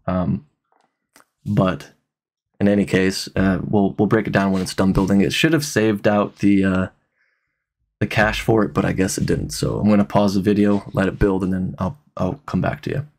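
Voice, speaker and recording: A man from Utah talking through a casual software tutorial, relaxed and a bit tired, with lots of ums and restarts. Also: sits low, normal speed, vocal fry. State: tired, yawning. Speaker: tutorial host.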